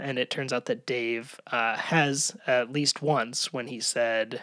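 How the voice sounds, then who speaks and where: A man's voice: mid-range voice, slow pace, fairly bright tone, no echo. A man co-hosting a podcast, recapping a sitcom episode in a wry, analytical, hedging way. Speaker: podcast co-host. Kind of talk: casual episode recap chat.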